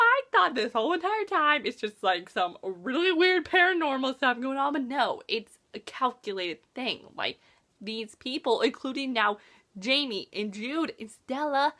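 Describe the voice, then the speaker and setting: A woman hosting a casual book review vlog, retelling a plot in an animated, exasperated way. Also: sits high.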